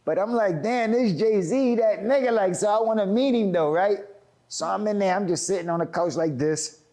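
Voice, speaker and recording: A man with a Philadelphia accent telling a profane, animated story, acting out quotes with big swings in pitch and filling his talk with "like". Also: normal speed. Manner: profane slang, frequent "like". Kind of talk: animated anecdote.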